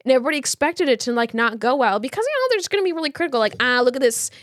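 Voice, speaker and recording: A woman's voice: high voice, big pitch swings, very fast, dry recording, studio quality. A woman co-hosting a podcast, telling a story in casual chat with slang and lots of fillers. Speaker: podcast co-host.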